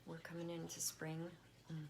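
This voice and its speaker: Casual home vlogger, woman, deep and a bit creaky, faint room hiss. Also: monotone, normal speed. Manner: chatty, warm toward her pets, frequent fillers. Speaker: spiritual vlogger. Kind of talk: casual check-in chat. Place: at home with pets.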